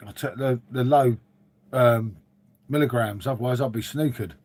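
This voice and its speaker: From a dim room at home, a middle-aged livestream host rambles through casual chat, reading and answering his viewers and calling them "mate" constantly. His voice is mid-range and a touch mellow, at a normal speed.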